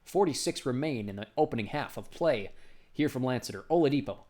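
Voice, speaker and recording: A man doing basketball play-by-play commentary, briskly calling each pass and lifting his voice on big shots. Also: medium pitch, animated, a little mellow.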